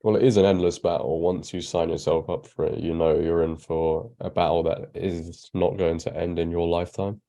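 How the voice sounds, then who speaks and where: Deep gravelly man, blunt. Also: fairly even intonation, moderate pace, hardly any pauses, dark tone. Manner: blunt, opinionated. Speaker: podcast co-host. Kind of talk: casual discussion.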